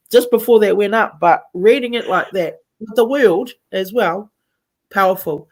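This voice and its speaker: A woman's voice: fairly low pitch, unhurried. Brief: NZ woman, radio host, gushing and heartfelt, mixes Māori and English. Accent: New Zealand. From Taranaki, New Zealand. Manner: effusive, switches between Māori and English. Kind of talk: live community radio chat.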